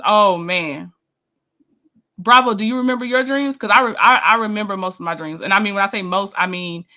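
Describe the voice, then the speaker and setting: A woman hosting a casual live stream, chatting with viewers and answering their comments, animated and quick to laugh. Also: mid-range voice. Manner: chatty and animated, laughs often, restarts sentences.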